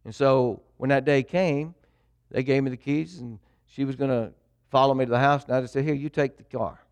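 A middle-aged preacher, a man chatting through a personal testimony in an easygoing, folksy way. His voice sits at an ordinary pitch for a man and sounds dry and close, with no room around it. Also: fairly even intonation, moderate pace, darkish tone, clear, resonant tone, no room sound. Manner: folksy storytelling, addresses congregation. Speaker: pastor. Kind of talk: sermon testimony.

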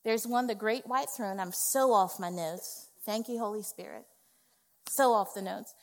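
A woman's voice: medium pitch, a little slow. A woman executive pastor preaching a sermon, emphatic and conversational, often checking in with "okay", recorded in a church sanctuary. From West Indies family. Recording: long hall reverb.

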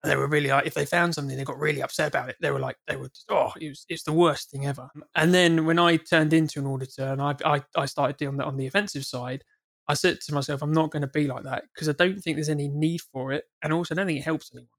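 Male podcast guest, ex-auditor, earnest, rapid delivery with restarts. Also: a little high, fairly even intonation, gravelly, a bit bright. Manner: earnest, repeats words when starting sentences. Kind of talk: casual podcast discussion.

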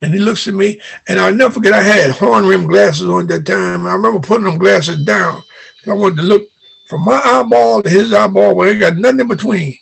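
An older man tells his memories as an interview guest. He acts out the dialogue as he goes. His voice is high-pitched, deeply gravelly and raspy. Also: brisk. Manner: animated retelling with quoted dialogue. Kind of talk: storytelling in an interview.

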